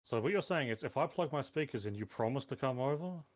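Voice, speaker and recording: A man's voice: mid-range voice, animated, fast. A man chatting over a voice call while playing, matter-of-fact and dry, reading off game items aloud. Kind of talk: casual gaming chat over voice call.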